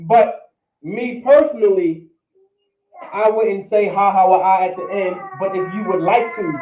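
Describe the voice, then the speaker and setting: A man's voice: high-pitched, a little slow. A man teaching a language class, repeating words and often checking in with his students. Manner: repetitive, checks in with "all right?". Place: classroom or meeting room. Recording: roomy, distant, phone-like sound.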